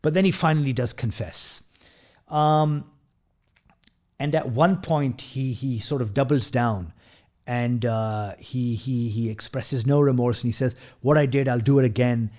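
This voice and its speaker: Guy reviewing a movie, mid pitch voice, lots of um and you know, keeps restarting sentences. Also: a little slow, darkish tone. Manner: hesitant, many fillers and restarts, retells scenes with quoted lines. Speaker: film review host. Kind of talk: casual spoken film review.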